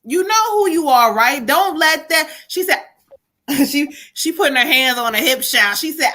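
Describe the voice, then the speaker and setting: Bright-voiced woman giving a card reading. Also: fairly high pitch, normal speed. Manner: animated, talks to spirit and viewers. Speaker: psychic reader. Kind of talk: live stream card reading.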